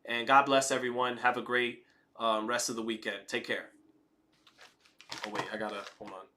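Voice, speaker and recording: A man's voice: mid-range voice, little pitch movement, normal speed, bright, forceful tone, slight background noise. A man hosting a live fight-commentary stream, reading chat messages aloud in a laid-back way that slides between formal talk and slang. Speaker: livestream host reading chat.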